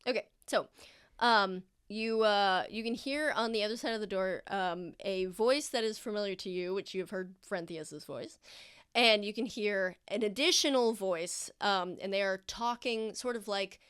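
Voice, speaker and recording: A woman's voice: medium pitch, moderate pace, a bit bright, smooth. A woman narrating as game master in casual, rambling speech full of fillers.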